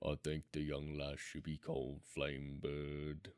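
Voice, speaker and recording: A man putting on a gravelly old Englishman. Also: monotone, a little slow, dry recording. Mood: musing. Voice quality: gravelly, low and mumbling.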